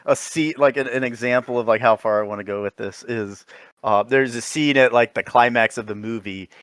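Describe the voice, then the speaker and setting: A man's voice: mid-range voice, fairly quick, fairly bright tone, no echo, clean studio sound. A man co-hosting a comedy podcast, chatting casually in a rambling way, often laughing and swearing. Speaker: podcast co-host.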